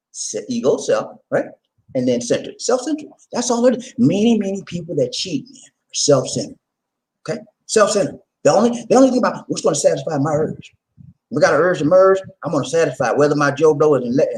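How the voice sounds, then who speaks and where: A man hosting a vlog, talking casually to his viewers in an animated, laughing, rhetorical way, repeating his points often. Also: on the high side, rough recording. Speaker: vlog host.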